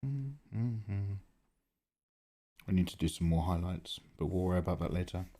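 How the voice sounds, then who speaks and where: A man's voice: low-pitched, expressive, measured pace, dark tone. A man chatting casually on a live stream while he draws, thinking aloud and greeting viewers by name. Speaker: livestreaming artist.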